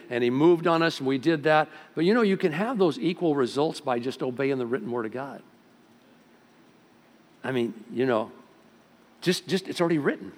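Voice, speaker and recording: Man preaching in an echoing hall. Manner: preaching with sudden rises in volume and pitch. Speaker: pastor. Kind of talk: sermon. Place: church sanctuary. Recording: long hall reverb.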